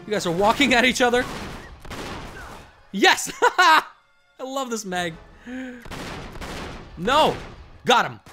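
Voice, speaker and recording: Excitable man doing lively game commentary. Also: very high-pitched, unhurried, long pauses, faint music behind. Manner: excitable, loud outbursts and cursing. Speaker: gaming commentator. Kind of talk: casual let's-play commentary.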